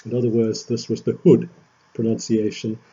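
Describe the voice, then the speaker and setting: Man lecturing in a dark husky voice. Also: medium pitch, monotone, moderate pace. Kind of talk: academic lecture. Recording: dull lo-fi recording.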